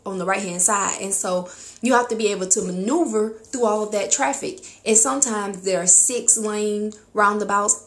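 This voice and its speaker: A woman with a rural American accent hosts her own podcast, talking casually and bluntly. She breaks into animated outbursts now and then, and her medium-pitched voice echoes around the room. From rural United States. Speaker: podcast host. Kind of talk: casual monologue.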